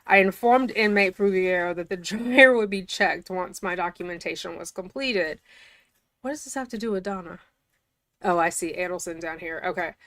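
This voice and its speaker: A woman's voice: fairly low pitch, moderate pace, fairly bright tone, dry recording. A woman reading official documents aloud and breaking off for casual, incredulous commentary. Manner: chatty, incredulous, often laughing.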